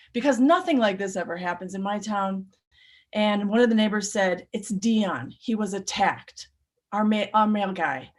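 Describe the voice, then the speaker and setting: A woman telling a personal true story on stage, animated and shifting between urgent, louder stretches and hushed, quiet ones. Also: mid-range voice.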